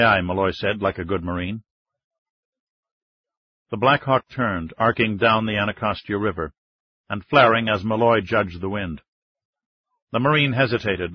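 A man narrating a thriller audiobook in a measured, steady storytelling manner. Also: fairly low pitch, husky, dry recording. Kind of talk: scripted narration. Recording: slightly dull lo-fi recording.

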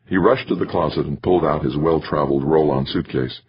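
A man narrating an audiobook in a measured, steady storytelling manner. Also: rumbling low, slightly rough, no echo. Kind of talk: scripted narration. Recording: dull lo-fi recording.

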